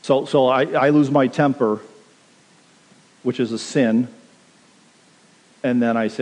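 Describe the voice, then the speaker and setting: A man's voice: medium pitch, fairly even intonation, slow pace, long pauses, darkish tone. A pastor preaching a sermon, earnest and direct, urging his listeners plainly. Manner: earnest, direct exhortation with quoted asides. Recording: long reverb of a large hall.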